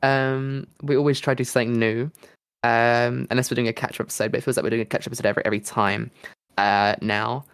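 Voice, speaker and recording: A man's voice: medium pitch, level tone, fast, fairly bright tone, clear, resonant tone. A man co-hosting a podcast in a loose, joking way, full of ums and restarts. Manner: rambling, jokey, many ums and restarts. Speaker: podcast co-host. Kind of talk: casual podcast chat.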